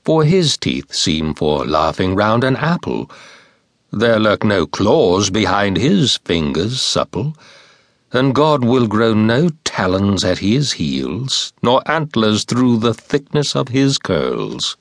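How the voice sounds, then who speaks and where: Slow, solemn male poetry reader. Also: on the low side, very animated, no room sound, studio quality. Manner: slow, measured, solemn recitation. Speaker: audiobook narrator. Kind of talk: scripted poetry reading.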